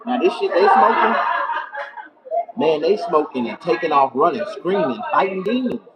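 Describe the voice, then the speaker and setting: A man's voice: on the high side, very animated, normal speed, poor audio. A middle-aged man ranting crudely to his viewers in casual, boisterous storytelling. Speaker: streamer.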